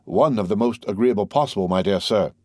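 A man reading as a smooth, assured nobleman. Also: lowish voice, a little fast, dark tone, dry recording, clean studio sound, natural voice. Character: composed, worldly nobleman, older man.

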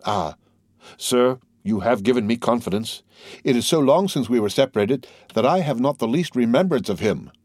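A man reads aloud in a mid-range, slightly mellow voice close to how he'd normally talk, with lively intonation and a moderate pace. He voices an eager, scheming young man who is anxious and ingratiating. The sound is clean studio audio with no room sound.

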